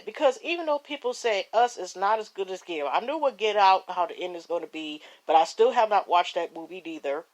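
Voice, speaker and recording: A woman hosting a casual solo podcast, rambling and chatty, with many fillers and restarts, calling her listeners y'all and cheering loudly at the results. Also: lowish voice. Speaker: podcast host.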